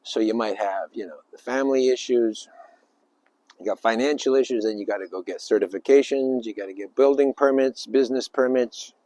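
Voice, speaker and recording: A man giving an informal spiritual talk, rambling and emphatic, with sudden loud bursts and little acted-out voices. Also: mid-range voice, fairly quick, no room sound. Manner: acts out little voices and sounds. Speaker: spiritual speaker.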